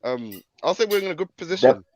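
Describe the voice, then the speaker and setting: A man's voice: high voice, sing-song, fast talker, a little mellow, low-quality recording. A man joining a football podcast over a video call, speaking confidently in defence of his team. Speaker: guest podcast panelist. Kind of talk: casual banter.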